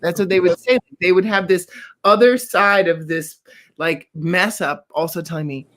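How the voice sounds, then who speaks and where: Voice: mid-range voice, moderate pace. A speaker in a casual group discussion, telling stories with animation and acting out quotes. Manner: animated storyteller, acts out quotes.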